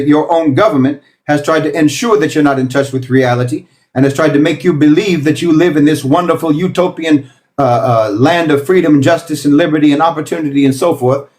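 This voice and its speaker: A man's voice: a little high, darkish tone. A man giving an impassioned political talk, emphatic and lecturing, piling up repeated phrases. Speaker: political commentator.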